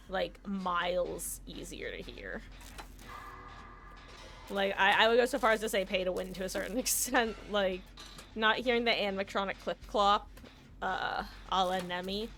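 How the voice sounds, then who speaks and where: A woman's voice: mid-range voice, expressive, measured pace, fairly bright tone. Chatty woman streamer in her thirties. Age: 30s. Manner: chatty and rambling, many ums and likes. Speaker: game streamer. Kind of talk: casual live-stream chat while gaming.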